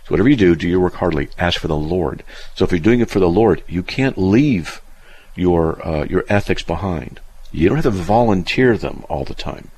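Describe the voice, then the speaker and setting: A man's voice: sits low, expressive, normal speed, darkish tone, breathy edge. A man teaching faith through personal stories on a live stream, rambling a little and looking up verses aloud. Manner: rambling storyteller, restarts, looks up verses aloud.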